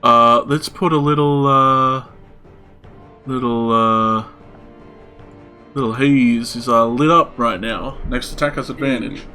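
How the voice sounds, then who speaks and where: Slow-talking laughing game master man. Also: mid-range voice, steady tone, sharp tone, faint music behind. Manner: laughing often, halting with fillers. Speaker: dungeon master. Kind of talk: narrating a tabletop game.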